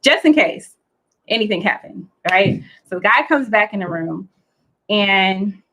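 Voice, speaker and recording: A woman, a guest, telling a story in a casual, excitable, chatty way with lots of fillers. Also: mid-range voice, unhurried, poor audio. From United States.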